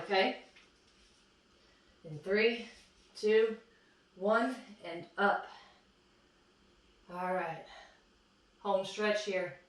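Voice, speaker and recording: A woman fitness instructor coaching a plank workout, encouraging and counting down reps while out of breath. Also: mid-range voice. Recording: echoey room, far from mic.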